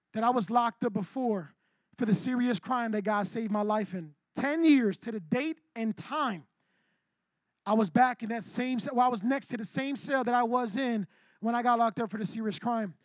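High-voiced man preaching a testimony. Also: no echo, clean studio sound. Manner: animated storytelling, frequent "right?" to the audience. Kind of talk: sermon with personal testimony.

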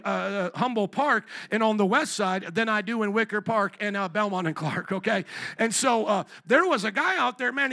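A man preaching with a high, bright voice that carries a gravelly edge. He builds from storytelling into shouted scripture and calls for amens from the congregation. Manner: animated preaching, rising to shouts and call-and-response. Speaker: pastor. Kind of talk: sermon.

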